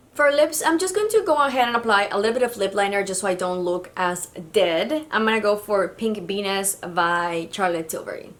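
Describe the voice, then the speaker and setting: A woman from Mexico talks through her makeup routine as a beauty vlogger. She speaks in a mid-range voice, casual and chatty, with little hesitations. She sounds friendly and unhurried. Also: medium pitch, a bit bright. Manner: chatty and casual, with fillers like "kind of like". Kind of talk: makeup tutorial narration.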